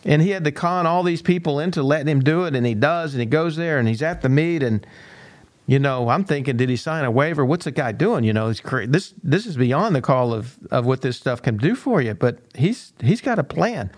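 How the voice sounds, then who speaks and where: An older man, a coach and university teacher, giving a motivational talk as an animated storyteller who acts out quoted dialogue and repeats words now and then. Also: fairly high pitch, a little fast, dry recording.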